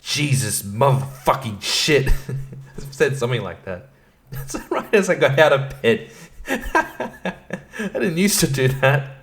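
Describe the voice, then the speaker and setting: A man's voice: a little high, huge pitch swings, takes it slowly, pauses often. A young man hosting a solo podcast, rambling and sardonic, swearing often and laughing at his own jokes. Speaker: podcast host.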